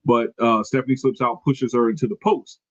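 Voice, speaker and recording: A man's voice: medium pitch, steady tone, a little fast, a bit bright, dry recording. Rambling male podcast host, dry and dull. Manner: rambling, self-correcting, reading from notes. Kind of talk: casual wrestling recap chat.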